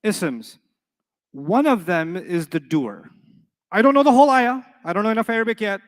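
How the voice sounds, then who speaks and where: A middle-aged man with a high voice teaches a live class. He is playful, keeps throwing questions at the students and often answers them himself. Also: lively intonation, moderate pace, big-room sound. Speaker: Arabic teacher.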